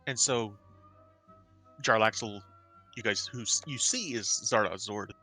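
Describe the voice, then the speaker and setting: A man narrating a tabletop game as game master, halting with fillers. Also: on the low side, bright, forceful tone, husky, faint music behind.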